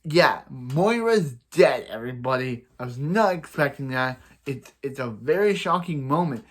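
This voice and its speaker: A man's voice: mid-range voice, animated, normal speed. A young man talks through a TV episode in a loose, rambling recap, circling back over the same points. He breaks into playful sound effects and repeats phrases for emphasis, like a reviewer chatting straight to his viewers.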